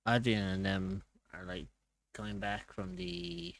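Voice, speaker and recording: A man's voice: low voice, fairly even intonation, unhurried, gravelly, poor audio. A man narrating a tabletop game as its game master, with hesitant fillers.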